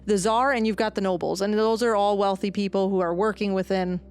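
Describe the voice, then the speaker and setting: A woman's voice: mid-range voice, steady tone, a little fast, a little mellow, clean tone. A young adult woman co-hosting a casual history podcast, telling the story animatedly, slipping into voices and laughing often. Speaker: podcast co-host.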